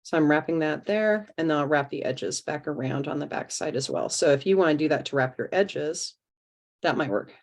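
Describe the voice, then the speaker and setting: A woman's voice: sits low, normal speed. A woman walking an online workshop through a craft project step by step, chatting as she works over a video call. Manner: chatty, step-by-step explaining while working. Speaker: art teacher leading a craft workshop.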